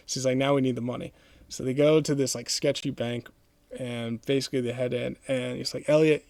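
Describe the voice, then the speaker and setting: A man's voice: medium pitch, a little mellow, no echo. A male podcast host retelling a comic book plot in a loose, rambling way, with many fillers. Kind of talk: casual plot recap.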